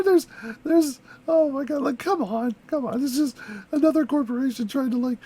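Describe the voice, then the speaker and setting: Giggly high-voiced woman vlogger. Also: normal speed, dark tone. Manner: rambling, giggly, lots of fillers. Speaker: reaction video host. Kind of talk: casual chat.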